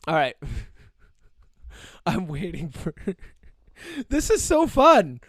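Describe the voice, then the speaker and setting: A man hosting a casual podcast over a video call, excitable and quick to laugh. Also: fairly high pitch, dry recording, studio quality. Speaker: podcast host.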